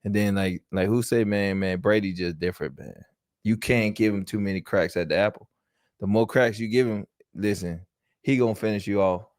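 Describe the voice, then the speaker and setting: A man telling stories in casual chat, acting out quoted voices loudly. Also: on the low side, moderate pace, no room sound, clean studio sound. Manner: animated storyteller, acts out quoted voices loudly. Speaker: former player telling stories.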